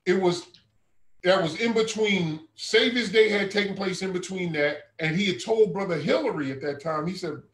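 A regional minister with a high, fairly bright voice speaks at normal speed in a roomy, rough recording. He earnestly shares a personal testimony in a conversational way, often addressing his listener as brother.

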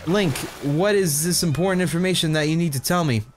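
A man reading a gentle young princess's lines aloud from a fanfic, his voice lifted slightly. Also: fairly high pitch, a little fast, noisy background, close to an everyday voice.

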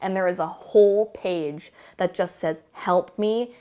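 A woman rambling casually about a book she loves, with an animated, gushing fan manner and frequent laughter. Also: on the low side, a little slow. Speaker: book vlogger. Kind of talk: casual book review chat.

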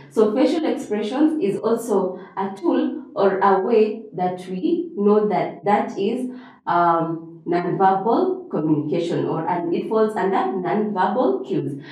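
A woman's voice: mid-range voice, expressive, slow pace, darkish tone. A woman teaching a revision lesson, repeating key phrases and checking in with a rising "okay?". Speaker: English teacher. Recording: echoey room, voice from a distance.

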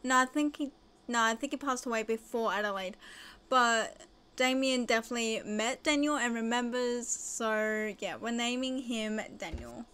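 A woman casually narrating her own life-sim game, gushing and excitable with frequent gasps and squeals. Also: fairly high pitch, normal speed, clean tone. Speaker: gaming video host. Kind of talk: casual let's-play commentary.

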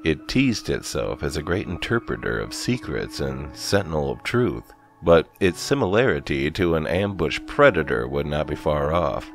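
A man's voice: rumbling low, big pitch swings, normal speed, vocal fry, few pauses, soft background music. A man narrating a horror story in a grave, dramatic, scripted reading.

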